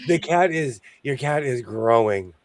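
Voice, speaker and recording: A man's voice: mid-range voice, animated, measured pace. A man hosting a live sewing stream over a video call, chatty and self-mocking, greeting viewers by name. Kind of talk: casual chat.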